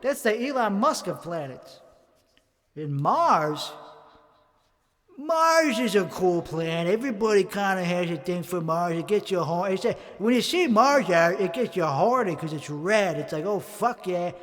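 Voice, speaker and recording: A man's voice: high voice, lively intonation, unhurried, a bit bright. A man from Chicago, rambling and swearing through a mock-angry monologue between karaoke songs, contradicting himself as he goes. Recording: long reverb with faint music behind.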